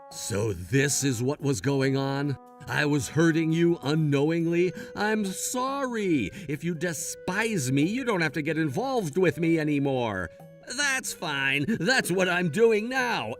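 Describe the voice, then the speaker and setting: A man's voice: a little high, big pitch swings, takes it slowly. A young man narrating a dramatic story in the first person and voicing its characters, earnest and pleading, over faint music.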